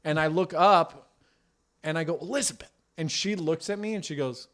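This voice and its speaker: A man's voice: on the high side, normal speed, a bit bright. A young man co-hosting a podcast, telling a rambling, self-deprecating story in casual talk with the odd swear word.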